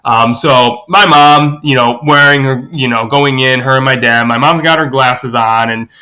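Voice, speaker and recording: Brief: a man spinning a lively anecdote, bright tone. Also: moderate pace. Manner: lively storyteller, acts out quoted voices with big pitch jumps. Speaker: podcast guest. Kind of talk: animated anecdote telling.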